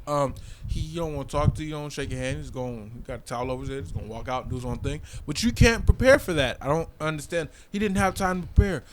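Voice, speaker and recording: A man hosting a casual podcast chat in a garage, animated and quick to laugh and steer the talk. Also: fairly high pitch, a little hiss or hum. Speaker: podcast host. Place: garage studio with fans running.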